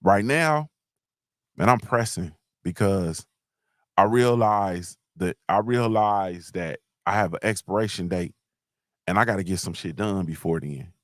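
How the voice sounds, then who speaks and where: A man's voice: low voice, a little slow, no room sound, clean studio sound. A middle-aged man hosting a casual livestream, talking bluntly in a grumbling, repetitive way and answering his chat. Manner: blunt, grumbling, repeats himself, talks to chat. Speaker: livestream host.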